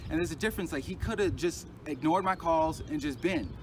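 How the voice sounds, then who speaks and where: A man recounting a painful personal ordeal in a halting, agitated way, restarting and repeating himself as he talks. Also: fairly high pitch, a little mellow, a little hiss or hum. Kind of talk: casual personal account.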